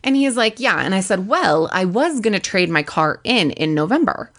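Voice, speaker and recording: A young adult woman co-hosting a podcast, telling a story in casual chat and acting out the people she quotes. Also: normal speed. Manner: animated, acts out quotes with pitch jumps. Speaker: podcast co-host.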